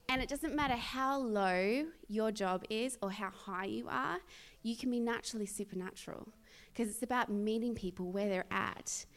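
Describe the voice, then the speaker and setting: A woman with a somewhat high voice tells a congregation a personal testimony in a loose, conversational way. She rambles, leans on "um" and "like," and laughs often as she goes. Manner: rambling and animated, lots of "um" and "like"; laughs often while telling the story. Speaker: speaker sharing a testimony at church. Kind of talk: chatty storytelling testimony to a congregation.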